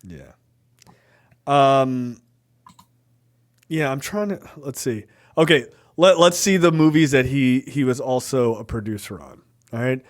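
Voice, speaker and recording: A man co-hosting a podcast, chatting casually about movies, animated, laughing and swearing. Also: mid-range voice, a little slow, pauses often. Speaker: podcast co-host.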